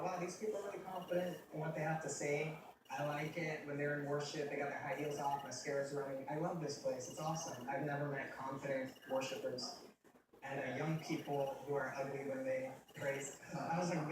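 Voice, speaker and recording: Young man, slightly high voice, candid rambling testimony, self-deprecating humor, very echoey room, distant mic, audible background noise. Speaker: testimony speaker. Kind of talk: personal testimony, casual storytelling.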